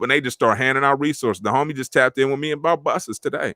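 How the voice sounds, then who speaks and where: A middle-aged man hosting a podcast, talking in animated street slang and acting out the friends he quotes. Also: mid-range voice, fast talker, few pauses, no room sound, studio quality. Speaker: podcast host. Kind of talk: casual motivational talk.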